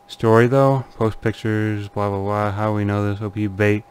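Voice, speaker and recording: A man's voice: on the low side, level tone, moderate pace, hardly any pauses, clean tone. A man casually commenting on forum posts he reads aloud, laughing nervously and muttering uneasily. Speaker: channel host.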